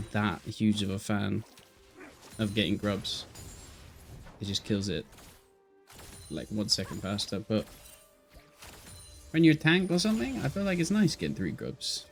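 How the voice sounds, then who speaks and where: Casual male esports caster, tired. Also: mid-range voice. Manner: chatty, talks to stream chat, jumps to excited shouts at big plays. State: tired, yawning. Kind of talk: live play-by-play commentary.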